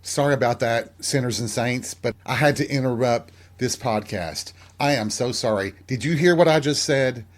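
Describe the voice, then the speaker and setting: A man's voice: mid-range voice, moderate pace, hardly any pauses. Southern guy doing a podcast, chatty and candid, just talking to the mic. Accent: Southern American. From American South. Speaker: podcast host. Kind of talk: casual monologue.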